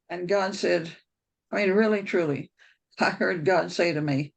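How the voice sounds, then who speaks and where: Gravelly storyteller on a video call. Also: mid-range voice, fairly even intonation, normal speed, poor audio. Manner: rambling anecdotal storytelling with restarts. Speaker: speaker on a members' call. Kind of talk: personal storytelling talk.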